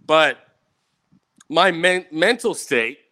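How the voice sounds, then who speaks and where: A man's voice: fairly high pitch, lively intonation, very slow, bright, forceful tone. Profane rambling man telling stories. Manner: profane, rambling, keeps asking "right?". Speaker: vlogger. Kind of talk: casual rambling storytime.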